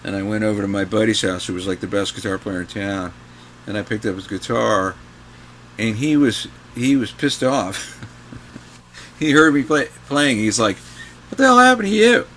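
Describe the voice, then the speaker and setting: A man's voice: on the low side, fairly even intonation, normal speed, fairly bright tone, a little hiss or hum. A man in his sixties from New York, a guest guitarist telling rambling stories with many fillers and restarts. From New York, USA. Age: 60s. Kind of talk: casual anecdotal storytelling.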